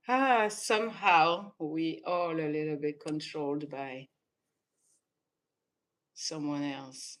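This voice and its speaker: A woman's voice: sits low, steady tone, very slow, long pauses. A woman from Senegal, raised in southern France, giving casual reaction commentary and laughing often between emphatic remarks. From born in Senegal, raised in southern France. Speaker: vlogger reacting to clips.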